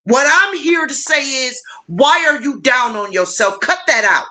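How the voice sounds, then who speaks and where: A middle-aged woman host chats with her livestream audience at an unhurried pace. Her voice is bright and forward, and she moves from soft reassurance to playful, high-pitched teasing as she speaks to viewers by name. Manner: warm, encouraging, animated with big pitch swings; playful, addresses viewers directly. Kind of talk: casual livestream chat with viewers.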